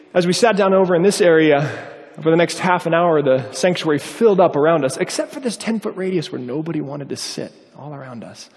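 A man with a fairly high voice preaches a story-driven sermon. He delivers it with lively animation and acts out the people in the story. The voice rings with the long reverb of a big hall.

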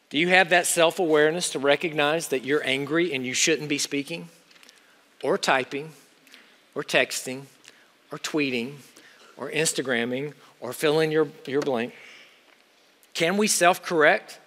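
A man preaching a sermon with urgent exhortation, swinging between loud pushes and quiet asides. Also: a little high, unhurried, pauses often. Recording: long hall reverb.

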